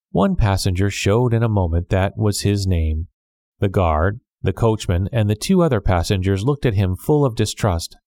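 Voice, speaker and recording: A man reading a classic novel aloud as scripted storybook narration, measured and clear. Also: lowish voice, lively intonation, a little mellow, no room sound, studio quality. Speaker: audiobook narrator.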